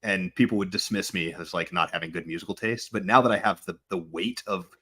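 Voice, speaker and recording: A man with a very low voice that still has a bright, forceful edge, chatting on a podcast. He trades dry, teasing jokes with his co-host. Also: a little fast, breathy edge. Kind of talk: casual podcast banter.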